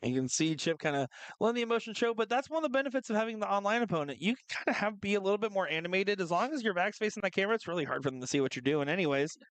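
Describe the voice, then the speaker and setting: A man commentating live darts, chatty and joking, with quick analytical asides. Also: sits high, animated, a bit bright, dry recording.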